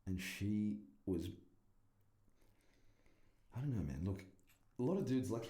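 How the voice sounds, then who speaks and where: A man's voice: on the low side, animated, unhurried, pauses often, warm tone. Rambling, profane man podcasting. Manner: rambling, profane, self-deprecating. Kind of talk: casual solo podcast monologue. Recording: echoey room.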